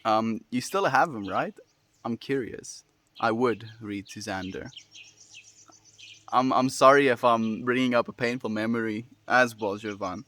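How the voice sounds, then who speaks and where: A man hosting a daily livestream, reading chat comments aloud and answering them in a relaxed, friendly way with lots of fillers. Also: mid-range voice, normal speed. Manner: relaxed and friendly, many fillers, laughs often. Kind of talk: casual chat.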